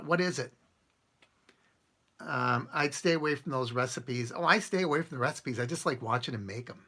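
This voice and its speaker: A man's voice: fairly high pitch, pushed and bright, husky. A man hosting a casual live stream, rambling and chuckling as he answers comments from his viewers. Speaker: channel host answering live chat.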